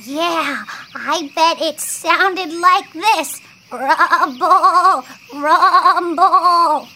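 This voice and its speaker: A woman's voice: very high voice, big pitch swings, takes it slowly, bright, forceful tone, slight background noise, exaggerated voice. A woman voicing a cheerful young child puppet in a children's Bible lesson, talking in an eager, sing-song way.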